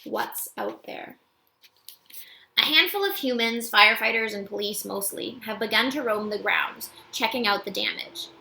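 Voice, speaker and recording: A woman reading a first-person children's novel aloud in an expressive, wry narration, recorded with a roomy echo. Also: fairly high pitch, normal speed, gravelly, few pauses. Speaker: audiobook reader.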